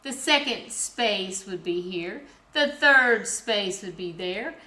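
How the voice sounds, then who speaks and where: Slow, bright-voiced woman music teacher. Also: mid-range voice, expressive. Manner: slow, patient, teacherly with counting and repetition. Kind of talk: children's music lesson.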